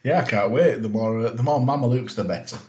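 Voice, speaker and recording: A man's voice: mid-range voice, fast, a little mellow, muffled recording. A man chatting as a podcast guest, wry and self-deprecating. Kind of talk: casual podcast chat.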